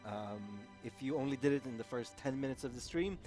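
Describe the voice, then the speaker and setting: A man's voice: mid-range voice, brisk, faint music behind. A man from Sweden co-hosting a live game stream, talking casually with many hesitations. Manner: relaxed, hesitant, many fillers. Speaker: stream co-host. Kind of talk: casual live-stream chat over gameplay.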